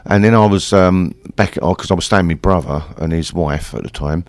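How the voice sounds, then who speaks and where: A man's voice: sits low, a little fast, dry recording. A man in his sixties with an East London accent, telling stories in a rambling, chatty way full of swearing. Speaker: interview guest, punk singer. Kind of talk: casual storytelling interview.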